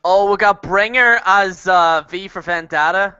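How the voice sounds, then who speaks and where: A high, bright-voiced man hosts a casual online hangout. He talks loosely and laughs often. The call audio is dull and lo-fi. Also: measured pace, smooth, dry recording. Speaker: host. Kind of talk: casual group video chat.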